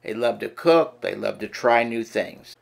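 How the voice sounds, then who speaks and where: Male ESL narrator, slow, a bit gravelly, plain teaching read. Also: lowish voice, expressive. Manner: slow, listing terms one by one.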